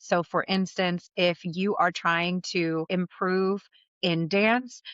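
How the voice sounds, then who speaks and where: A woman's voice: on the low side, a bit bright, no echo, highs cut off. A woman coach hosting her own podcast, talking candidly and conversationally and swearing casually. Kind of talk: solo podcast monologue.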